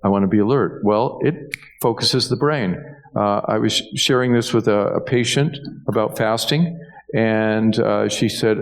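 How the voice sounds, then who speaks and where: A male doctor with a low voice talks loosely through health questions, circling back and restarting his sentences as he tells stories. His voice rings in a long hall reverb. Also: normal speed. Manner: rambling anecdotes with many restarts. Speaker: guest doctor. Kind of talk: casual health Q&A.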